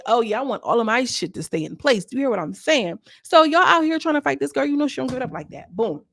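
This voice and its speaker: A chatty woman reviewing reality TV in a sassy, gossipy way, speaking right to her audience. Her voice has a gravelly fry at the edges. The sound is dry and close, with no room around it. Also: fairly high pitch, big pitch swings, a little fast, a bit bright, no echo. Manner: chatty and sassy, talks straight to viewers. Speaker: YouTuber reviewing a reality show. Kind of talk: casual gossipy commentary.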